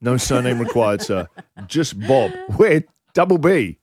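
A man's voice: mid-range voice, very animated, unhurried, crowd noise. A man hosting a comedic radio segment, playful and laughing often, mock-singing misheard song lyrics. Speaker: radio host. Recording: loud music bed behind.

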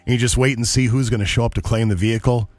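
A man's voice: medium pitch, steady tone, very fast, darkish tone, no echo. A man hosting a morning radio show, chatty and wry, reading ads and news. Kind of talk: casual radio banter and live reads.

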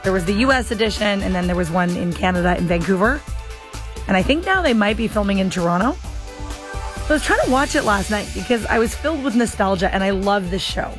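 A woman's voice: medium pitch, animated, a little fast, over music. A woman hosting a talk radio show, chatty and self-deprecating with callers and her co-host.

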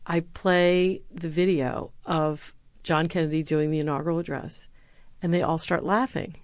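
Middle-aged woman, deep-pitched, earnest former speechwriter in an interview. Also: normal speed, dry recording. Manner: earnest, animated when quoting others. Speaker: university lecturer. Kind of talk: interview answers, storytelling.

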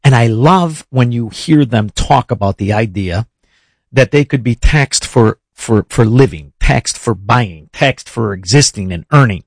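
A man's voice: medium pitch, expressive, measured pace, slightly rough, no room sound. A man hosting an interview, asking long, impassioned, rambling questions. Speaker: interview host. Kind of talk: conversational interview.

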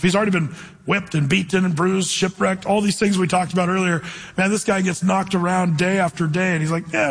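A man preaching a conversational sermon, reading scripture slowly and telling stories along the way. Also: high-pitched, gravelly, slightly rough, big-room sound. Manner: conversational, tells anecdotes, reads scripture slowly. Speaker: pastor. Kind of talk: sermon teaching through scripture.

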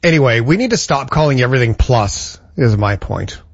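A man's voice: medium pitch, animated, fairly quick, husky, no echo, muffled recording. A male host reacting to his guest with wry, joking remarks in casual chat.

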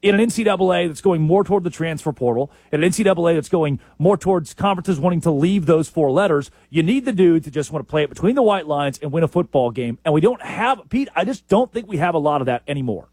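Animated, husky-voiced man. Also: a little high, quick pace, hardly any pauses, no echo. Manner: animated storyteller, lively impressions. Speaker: sports podcast co-host. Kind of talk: casual sports talk.

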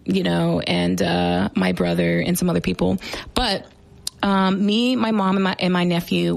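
A woman's voice: mid-range voice, gravelly, no room sound, poor audio. A young woman hosting a radio show, upbeat and chatty, with lots of "like" and "um". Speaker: radio host. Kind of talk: casual radio chat.

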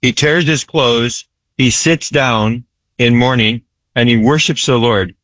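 A man speaking at a middle pitch in a dry, close recording, describing his relief work with earnest emphasis. He repeats key phrases and checks in with a frequent "right?". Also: takes it slowly, a bit bright, dry recording. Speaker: disaster relief ministry worker. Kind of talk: earnest interview storytelling.

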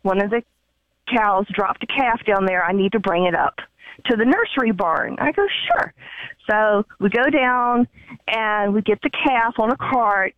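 A woman calling in to a show and telling a story in a chatty, animated way with many fillers, heard over the phone. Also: medium pitch, a little slow, dry recording. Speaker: caller. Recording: muffled phone line.

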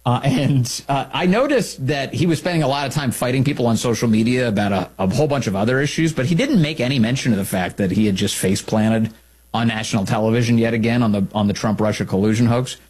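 A man's voice: medium pitch, fast, darkish tone, breathy edge. A man hosting a political commentary show, talking in a sarcastic, mocking and incredulous way.

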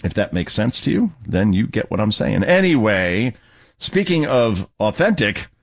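A man's voice: moderate pace, gravelly. A man hosting a talk radio show, delivering sarcastic, mocking political commentary. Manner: sarcastic, mocking, lively pitch swings.

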